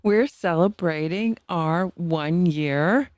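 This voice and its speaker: A woman's voice: lowish voice, slow, darkish tone, dry recording, clean studio sound. Bubbly laughing woman co-host, Boston accent. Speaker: podcast co-host. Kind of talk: casual chat.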